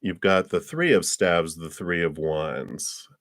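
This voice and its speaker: A man with a very low voice gives a live tarot reading over the stream. He takes his time, wanders through his thoughts with plenty of "um" and "you know", and chuckles now and then. His voice sounds close and dry, with no room echo. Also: lively intonation. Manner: unhurried and rambling, with frequent fillers and soft laughs. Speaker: tarot card reader.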